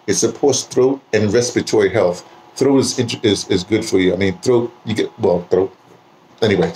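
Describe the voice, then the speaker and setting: A man's voice: on the low side, a little mellow, a little hiss or hum. A man talking to camera in a casual, rambling monologue, repeating words and saying "you know" often, in a home setting. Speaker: vlogger.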